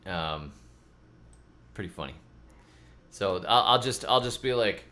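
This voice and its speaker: A man's voice: low voice, animated, a little slow, pauses often, bright, forceful tone, slight background noise. A middle-aged man hosting a gardening channel, chatting loosely in a rambling, self-mocking way and often repeating his words. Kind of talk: casual rambling vlog chat.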